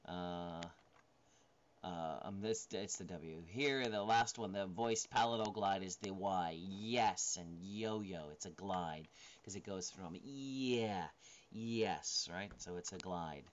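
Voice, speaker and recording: A man's voice: low voice, slow pace. A man teaching a recorded lecture over slides, talking casually with many fillers and frequent checks of "right?". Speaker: instructor. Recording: dull lo-fi recording with faint noise.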